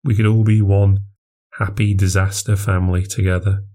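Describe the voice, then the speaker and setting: A man's voice: deep voice, level tone, moderate pace, dark tone. A man narrating a first-person horror story for a podcast, in a confessional, plainspoken way.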